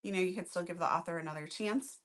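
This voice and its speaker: A woman's voice: fairly low pitch, quick pace. A woman co-hosting a book review channel, chatting casually and upbeat while summarizing a book.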